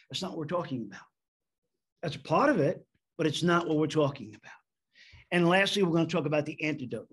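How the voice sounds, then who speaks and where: A man from the United States preaching a sermon as a men's pastor, animated, slowing down to stress key words. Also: a little high, husky.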